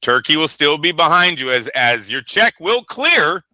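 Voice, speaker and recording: A man hosting a boxing show, talking in a casual, animated and profane way and rambling from point to point. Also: on the high side, moderate pace, no echo. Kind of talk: casual chat.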